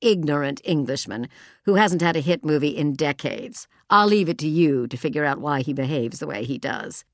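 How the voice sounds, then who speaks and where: A man's voice: fairly high pitch, lively intonation, normal speed, fairly bright tone, no echo. A woman voicing an older man, a former film star, blunt and scornful, in an audiobook.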